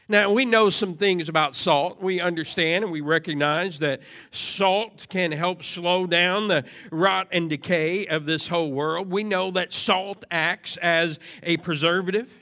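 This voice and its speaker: A man preaching a sermon to a congregation, moving from steady teaching into loud, emphatic repetition. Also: high voice, a little slow. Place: church service before a congregation.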